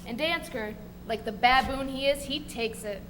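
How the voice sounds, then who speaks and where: A woman's voice: high voice, moderate pace, natural voice. A woman playing a coarse, rebellious male sailor. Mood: persuasive. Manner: coarse, rough talk with crude swearing. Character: bitter, rebellious male sailor stirring mutiny. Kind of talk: live college stage play. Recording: stage recording with faint noise.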